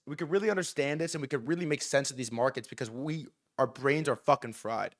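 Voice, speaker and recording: A young man hosting a livestream, ranting excitedly and profanely, jumping from loud bursts to quieter mumbled asides. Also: mid-range voice, quick pace, few pauses. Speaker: livestream host. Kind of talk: hyped livestream market rant.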